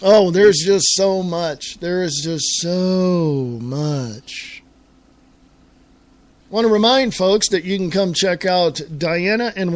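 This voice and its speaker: A middle-aged American man hosts his own internet radio talk show alone, in a fairly high voice. He rants in an exasperated way and keeps repeating and restarting his words as he gets worked up. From United States. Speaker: host.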